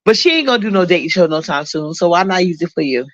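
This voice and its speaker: A woman guest on a live stream, relaxed and playful, laughing between lines. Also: fairly low pitch, quick pace, no room sound, muffled recording. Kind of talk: casual chat.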